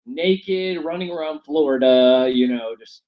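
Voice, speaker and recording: A man's voice: a little high, unhurried. A man from Saint Louis co-hosting a comedy podcast, dropping dry one-liners and laughing often, recorded inside a yurt. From Saint Louis, USA. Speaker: podcast co-host. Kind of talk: casual comedic chat. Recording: lo-fi, dull recording.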